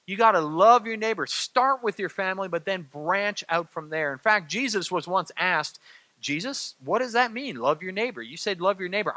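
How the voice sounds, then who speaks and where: Middle-aged guy pastor giving a sermon, chatty, keeps asking "right?", higher voice, dry close sound. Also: sharp tone, no room sound. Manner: conversational, repeats phrases, asks "right?" of the crowd.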